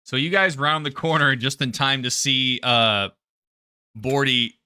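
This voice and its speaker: A man narrating as game master in a tabletop role-playing game, shifting into a dramatic, hushed delivery for descriptions. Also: a little slow, clean tone, dry recording, studio quality. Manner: dramatic, drops low and quiet for the creature's thoughts.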